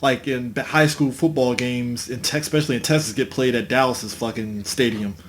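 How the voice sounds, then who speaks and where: A man in a casual podcast chat who mostly chimes in with short agreement. When he makes his own point, he stays easygoing and relaxed. His voice sits in the middle range. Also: medium pitch, a little fast, slight background noise. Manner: laid-back, agreeing with short replies. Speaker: podcast co-host.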